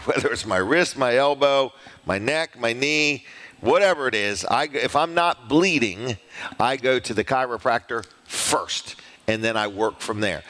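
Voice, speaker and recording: A middle-aged man hosting a local show, chatting through folksy, rambling ad reads and slowly repeating phone numbers. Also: on the low side, fairly bright tone. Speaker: show host.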